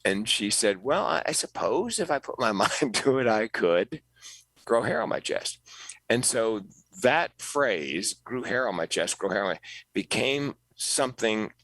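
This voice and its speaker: A middle-aged man, a comedian, telling an animated story as a podcast guest, jumping up in pitch when he quotes people. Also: measured pace, no echo, low-quality recording. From North Carolina, US. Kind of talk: storytelling interview.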